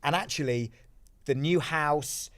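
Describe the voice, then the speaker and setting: A man whose voice sits a little higher than most, talking through his thoughts in loose, self-deprecating chat. He often circles back and restarts his sentences as he goes. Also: takes it slowly, a bit bright. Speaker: podcast guest, TV presenter. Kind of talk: casual chat.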